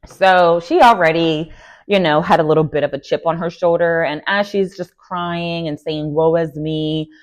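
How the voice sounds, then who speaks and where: A woman casually recapping a reality TV episode, chatty and animated, with lots of fillers and laughing asides. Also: deep voice, normal speed. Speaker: recap vlogger.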